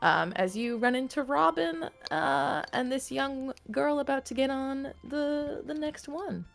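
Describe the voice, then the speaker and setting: A woman's voice: high voice, measured pace, creaky, soft background music. A woman narrating a tabletop game as game master, hesitant and full of fillers.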